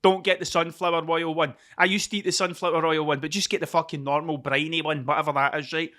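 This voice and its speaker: Sweary Scottish man rambling, high bright voice. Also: level tone, fast talker. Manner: sweary, rambling, self-mocking. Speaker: podcast host. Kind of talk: casual rambling monologue. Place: cold room at home. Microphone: camera mic.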